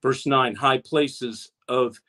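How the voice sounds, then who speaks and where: A man's voice: mid-range voice, fairly even intonation, slow pace, pushed and bright. A man preaching an impassioned online sermon, with his voice rising as he exhorts his listeners. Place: streamed online, talking to a chat audience.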